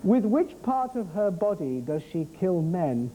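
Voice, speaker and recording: Male quiz host, fairly high, dark and soft in tone, brisk and jokey. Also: big pitch swings, a little hiss or hum, rough recording. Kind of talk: scripted TV quiz hosting.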